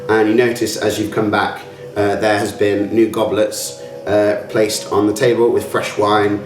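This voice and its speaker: Low-voiced guy running a tabletop game, lots of ums, echoey room, mic far off. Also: little pitch movement, a little slow, soft background music. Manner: rambling, full of fillers. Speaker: game master. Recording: roomy, from a distance.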